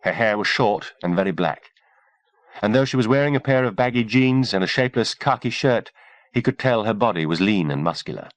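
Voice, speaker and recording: Low, expressive male audiobook narrator. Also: a little fast, no echo.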